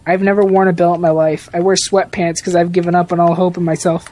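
A young man hosting a casual gameplay video, joking crudely and squealing with excitement. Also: high-pitched, quick pace, noisy background. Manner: playful, crude jokes, squeals when excited. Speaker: gaming video host.

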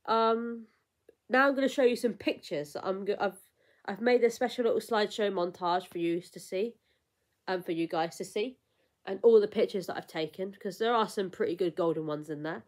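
A woman's voice: medium pitch, normal speed, darkish tone. A young woman vlogger in casual chat, rambling and emotional, with lots of fillers and restarts.

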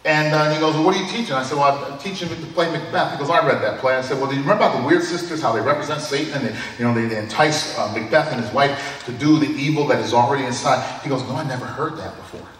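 A man's voice: medium pitch, very fast, hardly any pauses, a bit bright, slight background noise. A man in his sixties preaching a sermon, telling personal stories in a conversational way and often chuckling. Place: church hall. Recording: echoey hall from a distant mic.

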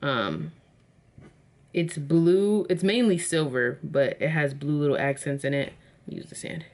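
A woman's voice: low-pitched, expressive, unhurried, a little mellow. A woman chatting casually to her viewers as she unboxes and shows off jewelry, calling them y'all. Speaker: vlogger.

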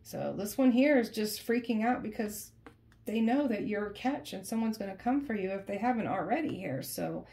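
Speaking to viewers during an informal tarot reading, a woman talks emphatically and conversationally, frequently repeating her phrases. She has a warm, medium-pitched voice.

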